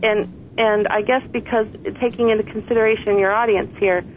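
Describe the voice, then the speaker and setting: A woman's voice: mid-range voice, fairly even intonation, normal speed, a little hiss or hum. Woman guest on a phone line, thoughtful and earnest, sounds thin and tinny. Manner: earnest, reflective, laughs softly. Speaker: author and guest. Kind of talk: interview conversation.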